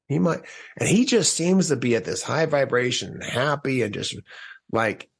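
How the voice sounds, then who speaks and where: A man's voice: mid-range voice, normal speed, gravelly, husky. A man as a podcast guest, telling his personal story in an earnest way, often restarting his sentences. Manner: earnest, restarts sentences, animated when quoting.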